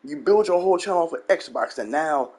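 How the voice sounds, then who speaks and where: Blunt, husky-voiced man ranting. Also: fairly high pitch, expressive, a little fast, darkish tone. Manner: blunt, profane, repeats "you know what I'm saying". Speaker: gaming channel host. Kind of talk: ranting commentary monologue.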